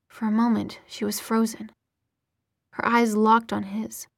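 A woman narrating an audiobook in a steady, expressive reading voice. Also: a little high, measured pace, gravelly, no room sound, studio quality.

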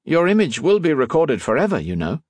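A man voicing a polite, clever young gentleman in a storybook reading, earnest and eager. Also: on the high side, huge pitch swings, a little fast, no room sound, pitched above the performer's own voice. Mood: persuasive.

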